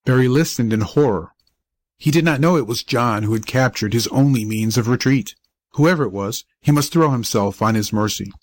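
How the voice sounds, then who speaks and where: A male audiobook narrator tells a school story in a measured, even reading voice. His voice sits at an ordinary middle pitch. The recording is dry, with no room sound. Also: dry recording. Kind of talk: scripted narration.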